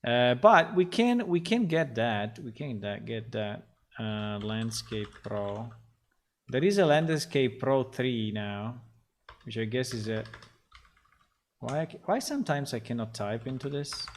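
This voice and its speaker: On a livestream, a man casually talks through his game development work, rambling, muttering to himself, and swearing when frustrated. His mid-range voice is animated at a measured pace, with a little hiss or hum in the audio.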